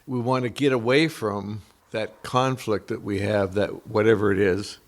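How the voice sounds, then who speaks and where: A man in a spiritual discussion group, explaining his thoughts slowly and reflectively. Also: fairly low pitch, steady tone.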